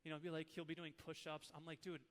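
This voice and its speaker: This thirty-something pastor from Minnesota talks fast in a fairly high voice, leaning on lively, heartfelt stories from his own life as he teaches. The sound has the spaciousness of a large room.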